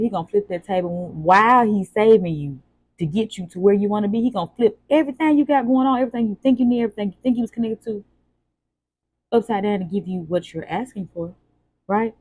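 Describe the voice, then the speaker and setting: A young woman speaking, hosting a casual spoken devotional with animated, repetitive, preacher-like emphasis and rhetorical questions. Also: mid-range voice, no echo. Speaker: host journaling aloud on faith.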